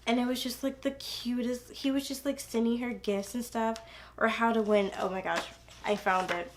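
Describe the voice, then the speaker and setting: A woman's voice: fairly high pitch, steady tone, moderate pace. A young woman chatting casually about a book she loves, gushing and rambling with lots of fillers and restarts. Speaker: book reviewer. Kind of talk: casual book review chat.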